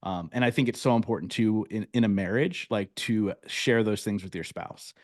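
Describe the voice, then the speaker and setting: A man's voice: fairly low pitch, moderate pace. A man hosting a podcast interview, reflective and agreeable as he responds to his guest. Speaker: podcast host.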